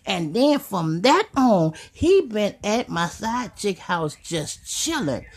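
Chicago woman, husky, gravelly, animated, profane, storytelling. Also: medium pitch, slow pace. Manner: animated, swearing, asks "you hear me". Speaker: comedic storyteller.

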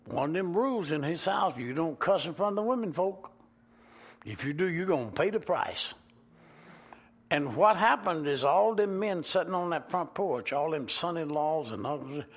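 A man with a Georgia Southern accent, preaching a sermon as a pastor and telling folksy stories with animated swings in volume. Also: a little high. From Georgia, USA. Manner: animated, folksy, swings between loud and soft.

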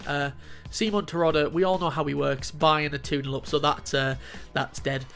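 A young man doing excitable, jokey let's play commentary while he plays a football game, swearing often. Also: a little high, moderate pace, vocal fry, faint music behind. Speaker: gaming YouTuber.

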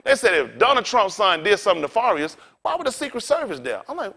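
Pastor guy preaching loud and loose, high voice that jumps all over, calls out to the crowd. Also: wildly swooping pitch, quick pace, hardly any pauses. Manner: rowdy, colloquial preaching with call-and-response. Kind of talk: sermon.

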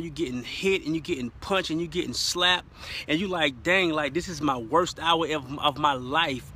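A man with a high, bright voice preaches into his phone. He talks loosely to his viewers, then builds into fervent, almost shouted declarations of faith. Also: a little hiss or hum. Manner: fervent, rising to shouted praise. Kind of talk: live-streamed motivational preaching.

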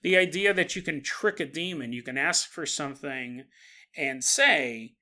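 A man hosting a podcast, telling a spooky story in a casual, animated way and often laughing at his own jokes. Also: on the high side, measured pace. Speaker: podcast host.

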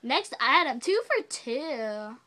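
एक ऊँची, चंचल आवाज़ वाली युवा महिला. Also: female voice, high voice, big pitch swings, slow, bright, forceful tone, a little hiss or hum. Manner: playful, teasing, giggly. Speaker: vlogger. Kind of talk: casual chat.

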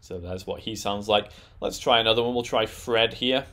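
A man presenting a tech tutorial, talking through settings in a relaxed, explanatory way with frequent "um" and "uh". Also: fairly low pitch, moderate pace. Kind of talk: screen-recorded software walkthrough.

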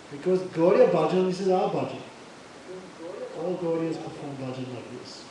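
A spiritual teacher with a slightly high voice speaks fairly quickly in a devotional lecture, animatedly telling sacred stories and acting out characters' voices. The lecture hall sounds echoey, with a distant mic, a crowd, and background noise.

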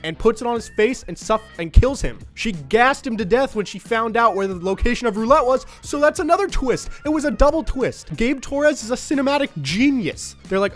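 A man's voice: sits high, animated, a little fast, few pauses, soft background music. A young man doing a comedic movie review vlog, mock-enthusiastic and sarcastic, swearing freely. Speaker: YouTuber. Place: room at home.

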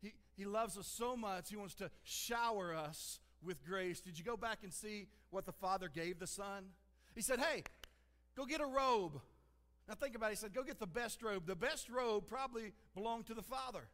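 A man's voice: high-pitched, normal speed, fairly bright tone. A man preaching a sermon as a pastor, earnest and conversational, repeating "listen" to press his points. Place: church sanctuary. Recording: long hall reverb.

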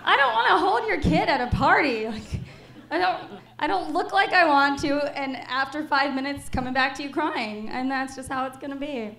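A woman's voice: high-pitched, animated, normal speed, gravelly, a bit bright. Woman doing stand-up in a roomy club. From Chicago, USA. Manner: crowd work, teasing the audience. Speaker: stand-up comedian. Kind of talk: stand-up comedy set. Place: comedy club.

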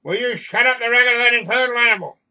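A man's voice: sits high, a little fast, pushed and bright, rough recording. A man voicing a short-tempered, intolerant middle-aged male passenger. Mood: irritated.

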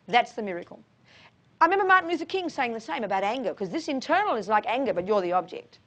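A woman's voice: high voice, big pitch swings, fairly quick, a bit bright. Frank, emphatic woman teaching Buddhism. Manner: frank, emphatic, calls listeners darling and honey. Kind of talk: informal dharma talk answering questions.

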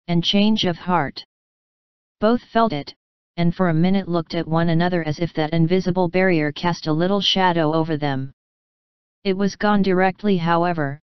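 A woman narrating a classic novel as an audiobook, reading in a calm, measured way. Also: fairly low pitch, clean tone, dry recording, dull audio. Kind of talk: scripted storybook narration.

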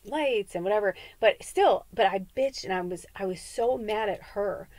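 A woman's voice: medium pitch, normal speed, a little mellow, dry recording. A middle-aged woman from the Midwest, a psychic medium rambling candidly in a casual spiritual podcast monologue and swearing freely. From American Midwest.

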